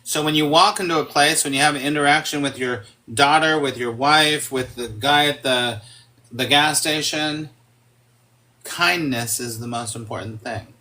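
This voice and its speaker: A man's voice: fairly high pitch, moderate pace, sharp tone. A man talking as a guest in a casual conversation, emphatic, swearing freely and acting out quoted speech.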